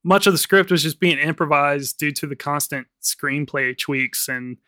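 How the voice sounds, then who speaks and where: Guy co-hosting a movie podcast, kinda high voice, rambles a lot, laughs between bits, dry close mic. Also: moderate pace, pushed and bright, no room sound. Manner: rambling with frequent fillers and laughs. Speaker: podcast co-host. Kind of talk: casual chat.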